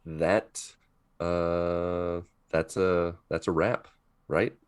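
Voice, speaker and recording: Deep-voiced man, upbeat podcast co-host. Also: flat delivery, very slow, clean tone, no room sound, clean studio sound. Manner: upbeat, jokey, wraps up the show. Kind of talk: casual chat.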